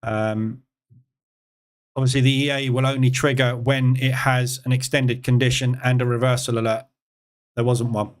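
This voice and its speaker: A man from England hosts a live trading session. He talks in a casual, conversational way, answering questions from the chat between readings of the charts. His voice sits at an ordinary, middle pitch. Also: flat delivery, normal speed. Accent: English. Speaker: trading room host.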